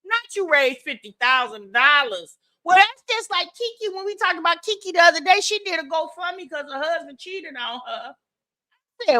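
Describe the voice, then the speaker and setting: Bright, animated woman podcast host. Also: very high-pitched, moderate pace, no room sound. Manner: lively, sassy, laughing asides. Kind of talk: casual commentary chat.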